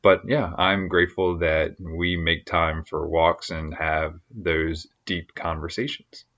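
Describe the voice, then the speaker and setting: A man co-hosting a podcast, talking in a relaxed, easygoing way. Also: sits low, slow pace, muffled recording. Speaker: podcast co-host. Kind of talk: casual chat.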